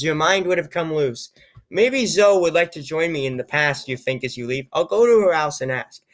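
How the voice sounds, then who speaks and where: A man reading an odd, computer-written story aloud, with low-key, wry remarks on the text and frequent stumbles over words. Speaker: YouTuber reading AI-generated stories. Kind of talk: comedic reading with asides.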